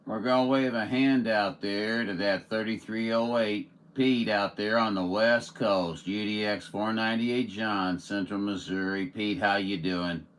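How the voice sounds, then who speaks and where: Male CB host, folksy and joking, lowish voice. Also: steady tone, unhurried, few pauses. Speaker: CB radio operator. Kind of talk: radio call-out. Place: Central Missouri.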